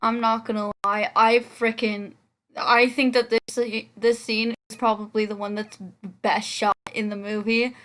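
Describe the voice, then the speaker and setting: A woman's voice: a little high, level tone, unhurried, fairly bright tone, faint music behind. Chatty, rambling eighteen-year-old girl. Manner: chatty and rambling, laughs often, many "like"s. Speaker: vlogger reacting to a movie. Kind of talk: casual chat.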